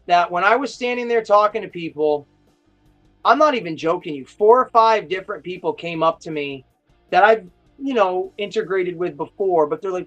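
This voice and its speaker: A man with a notably high voice hosts a casual live stream and rambles through his stories with eager excitement. Faint music plays underneath him. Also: moderate pace. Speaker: host of a toy chat live stream. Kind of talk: casual chat.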